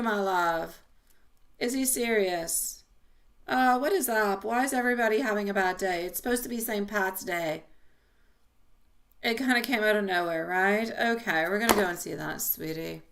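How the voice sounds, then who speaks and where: A woman's voice: medium pitch, unhurried, vocal fry, a bit bright. A woman in her thirties hosting a live tarot reading, chatty and affectionate, calling viewers sweetie and my love and laughing often. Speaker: tarot reader.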